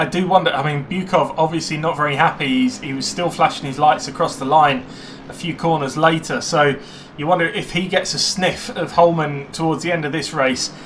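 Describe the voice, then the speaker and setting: Guy doing race commentary, gets excited on passes, slightly high voice. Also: a little hiss or hum. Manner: chatty, excitable on overtakes. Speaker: sim racing commentator.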